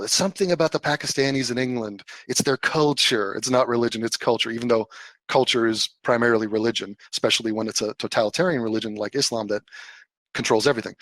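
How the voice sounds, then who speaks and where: A man's voice: medium pitch, no room sound. A man hosting a live call-in stream, blunt and profane, answering callers in casual chat. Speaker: livestream host answering callers.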